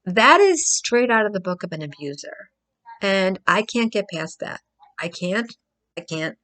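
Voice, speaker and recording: A woman talks straight to her viewers in loose, emphatic commentary. Her voice sits in an ordinary middle pitch, and she repeats phrases to drive a point home. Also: sing-song, a little slow, a bit bright. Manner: emphatic, repeats herself, acts out crying. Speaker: vlogger commenting on a trial. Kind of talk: casual commentary to camera.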